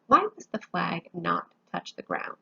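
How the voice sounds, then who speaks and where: A woman's voice: fairly low pitch, wildly swooping pitch, measured pace, gravelly, pushed and bright, breathy edge, highs cut off. A woman teaching a grammar lesson, patiently explaining each point step by step with examples, sounding sleepy. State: sleepy, yawning.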